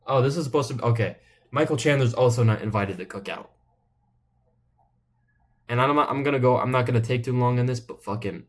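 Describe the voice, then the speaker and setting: A man riffing through casual comedic commentary, cursing freely and rambling between jokes. His voice sits at an ordinary middle pitch. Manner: rambling, profane, joking. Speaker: channel host.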